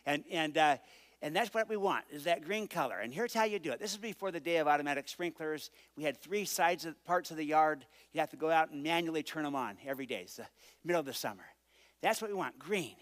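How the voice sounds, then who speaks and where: A man speaking to an audience, telling a childhood story with lively acted-out dialogue. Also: fairly high pitch, quick pace. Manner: animated storyteller acting out dialogue. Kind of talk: storytelling speech.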